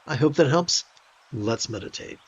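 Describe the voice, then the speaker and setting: A man teaching meditation on a livestream, speaking calmly and thoughtfully and pausing now and then to rephrase. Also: medium pitch, husky. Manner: calm, thoughtful, pauses to rephrase. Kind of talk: livestream dharma talk. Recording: dull lo-fi sound.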